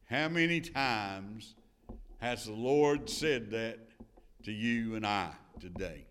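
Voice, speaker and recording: A man's voice: on the low side, slow, a bit bright, clean tone. A man teaching a Bible lesson in sermon style, earnest and repetitive, with firm rising declarations and scripture read in old King James wording. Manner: earnest preaching, repeats phrases for emphasis, rising to firm declarations. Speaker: Sunday school teacher.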